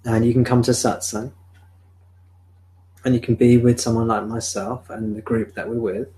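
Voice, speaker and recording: A man, a spiritual teacher, speaking calmly and reflectively at a live-streamed home satsang into a sensitive desk microphone. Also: mid-range voice, low-quality recording. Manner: calm, reflective, answers viewer questions slowly. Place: home room.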